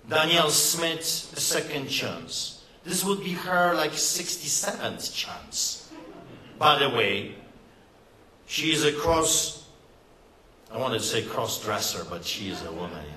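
A man's voice: on the high side, sharp tone, reverberant, low-quality recording. A man giving an impassioned, emphatic rally speech with a sarcastic edge. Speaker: rally speaker. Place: event hall.

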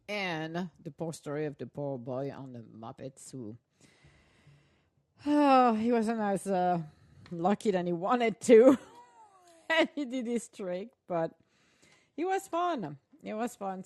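A woman's voice: sits low, a little mellow. A woman, chatting casually on her podcast while eating ice cream, rambling and laughing often. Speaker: podcast host.

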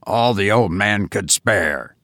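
A man's voice: lowish voice, lively intonation, slow pace, fairly bright tone, no echo, clean studio sound, voice pushed down. A man reading a story aloud, voicing a hesitant companion who suspects a trick. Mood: plain. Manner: hesitant, uneasy. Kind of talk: audiobook character voice.

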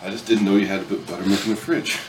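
A man's voice: low voice, steady tone, racing, distant mic, noisy background. A man hosting a casual chat, telling a rambling, profane story with bursts of laughter. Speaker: podcast host. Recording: echoey room, mic from afar, music behind.

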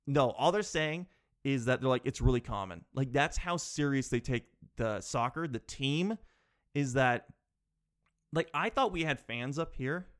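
A man talking in a rambling, animated way, asking himself rhetorical questions and swearing casually. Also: medium pitch, measured pace. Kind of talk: casual chat.

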